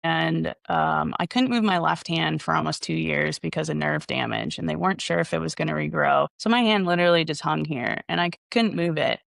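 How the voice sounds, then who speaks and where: Young woman golf coach, gravelly voice. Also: deep voice, brisk, few pauses, no room sound, clean studio sound. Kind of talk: interview answers.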